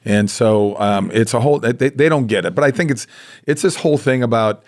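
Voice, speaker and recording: An American man in his sixties appears as a guest in casual chat, speaking fairly quickly in a mid-range voice. He tells animated stories and acts out the voices of the people he quotes.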